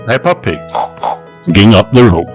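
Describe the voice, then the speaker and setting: A man reading a children's storybook aloud in a slow, sing-song narration. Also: lowish voice, very animated, soft background music. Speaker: storybook reader.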